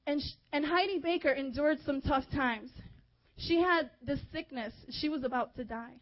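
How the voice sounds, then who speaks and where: Young woman preaching hard, high voice, kinda muffled lo-fi recording. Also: moderate pace. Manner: fervent, exhorting, with hushed softer stretches. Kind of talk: sermon.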